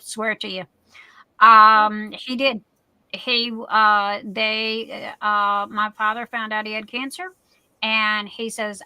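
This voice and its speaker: A woman's voice: medium pitch, flat delivery, unhurried, pushed and bright, smooth, no room sound, low-quality recording. A middle-aged woman hosting a livestream, telling a personal story in a candid, emotional way. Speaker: livestream host. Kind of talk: casual chat.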